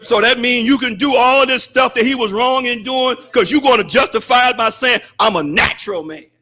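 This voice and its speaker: A man preaching a fervent sermon as a student minister in a mosque, breaking into shouted bursts and wry, mocking asides. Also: very high voice, steady tone. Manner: mocks excuses in wry, drawn-out asides.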